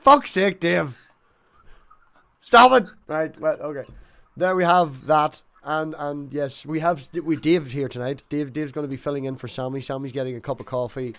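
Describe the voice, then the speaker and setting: A man's voice: on the high side, fairly even intonation, normal speed. A young man hosting a casual live stream on an online call, joking, rambling and swearing as he talks. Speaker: livestream host.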